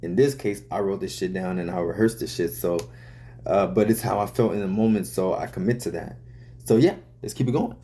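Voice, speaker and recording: Mellow low-voiced man talking loosely. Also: fairly even intonation, fairly quick. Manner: loose, profane, full of "you know" and "uh". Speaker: rapper explaining his own lyrics. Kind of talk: casual talk to camera.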